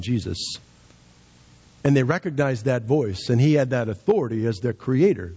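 A husky-voiced man preaching a sermon with an emphatic, rising and falling delivery. His voice sits mid-range, and the recording sounds slightly dull. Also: medium pitch, animated, normal speed, darkish tone.

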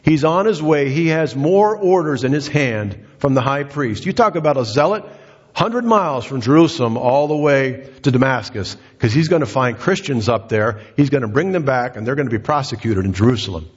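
A man's voice: mid-range voice, lively intonation, moderate pace, husky. A man preaching a sermon as a pastor, telling the story earnestly and building to passionate emphasis. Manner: earnest storytelling, rising to impassioned. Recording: dull lo-fi recording in a reverberant hall.

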